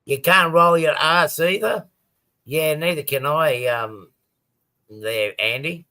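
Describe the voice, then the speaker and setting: A man's voice: fairly high pitch, slow, sharp tone. A man chatting casually on a live stream about his model railway, rambling with many ums and restarts.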